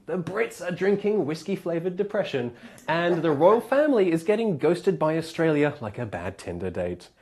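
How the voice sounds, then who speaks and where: Male comedy club host, animated stand-up delivery, pitch swings a lot. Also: slight background noise. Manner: animated, laughs at own jokes. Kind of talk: stand-up monologue.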